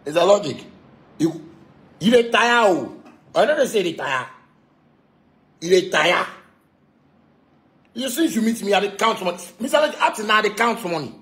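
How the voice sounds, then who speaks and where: A man speaking in a Ghanaian Pidgin English accent, with a voice that sits fairly high for a man. He rants in a boastful, taunting way, swears freely and hammers the same phrases over and over. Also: expressive, moderate pace, pauses often, fairly bright tone. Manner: repetitive, insistent. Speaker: musician. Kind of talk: ranting monologue.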